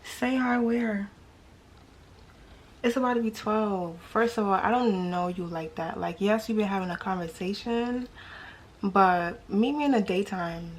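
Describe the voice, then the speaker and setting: Young woman, New York accent, casual storytelling, lively rhetorical questions, faint background hum. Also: mid-range voice, moderate pace. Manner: animated, slangy, rhetorical questions to viewers. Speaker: vlogger telling a dating story.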